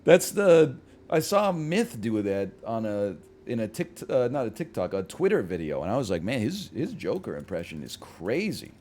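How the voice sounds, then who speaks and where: Animated man chatting while gaming. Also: on the low side, normal speed, hardly any pauses. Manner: rambling, self-deprecating, jokey voice bits. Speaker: streamer. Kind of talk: casual chat while gaming.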